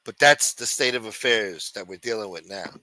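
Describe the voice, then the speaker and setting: A livestream host rambles casually, sarcastic and swearing heavily, in a fairly low male voice that sounds pushed and bright. His intonation is lively, his pace moderate, and there's no room sound.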